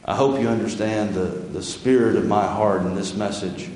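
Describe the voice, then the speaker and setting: A man's voice: fairly low pitch, fairly even intonation, normal speed, a little mellow, a little hiss or hum. A man preaching a sermon as pastor of his church, folksy and conversational, reading scripture aloud between his own remarks. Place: church sanctuary. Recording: very echoey church hall with long reverb.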